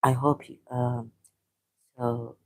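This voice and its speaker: A woman from Pakistan hosts a casual livestream, reacting to viewer comments. Her voice is low and warm, and her speech comes slowly, full of fillers, restarts and shocked exclamations. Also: little pitch movement.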